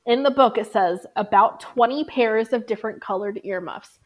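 A podcast co-host with a fairly high voice talks at a moderate pace in a casual book discussion. Chatty, she quotes passages from the book and cuts in with her own comments.

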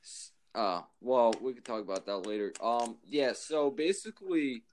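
A man's voice: medium pitch, lively intonation, normal speed, a little mellow, slight background noise. A young man from Pennsylvania co-hosting a casual podcast, swearing often and laughing easily. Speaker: podcast co-host. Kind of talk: casual chat.

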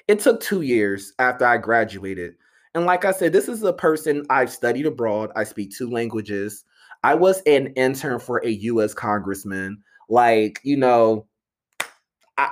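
Young guy ranting hard, lots of cussing, voice jumping up and down, mocks people in silly voices. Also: mid-range voice. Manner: animated, profane, exasperated, with mocking voices. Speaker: commentator. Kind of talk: ranting monologue.

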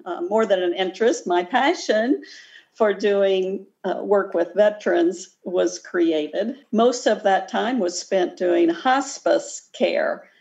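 A woman's voice: mid-range voice, slow, creaky, a little mellow, dull audio. A woman in her sixties with a Midwestern accent, a guest nurse practitioner speaking earnestly in a podcast interview.

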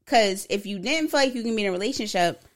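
A woman's voice: mid-range voice, lively intonation, fast talker. A woman co-hosting a casual podcast chat, talking things through and asking questions. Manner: chatty, questioning, thinking aloud. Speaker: podcast co-host.

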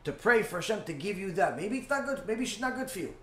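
A patient rabbi reasons and gently chides, his voice a bit raised, as a man retells him in a class. An echoey room carries it. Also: high voice, animated, fast talker, pitched above the performer's own voice. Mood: advising. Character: patient older male rabbi giving advice.

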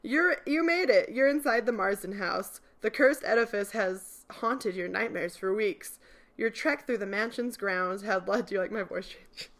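A woman's voice: medium pitch, measured pace, fairly bright tone. A young woman hosting a podcast, reading an interactive mystery game aloud at home and often breaking off to giggle and joke. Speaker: podcast host and game narrator. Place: home room.

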